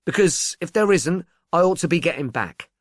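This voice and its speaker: Guy putting on a brash jokey studio lad, higher and louder than the narration. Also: animated, moderate pace, dry recording. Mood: cheeky. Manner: cheeky, jokey. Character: brash, hearty young studio man.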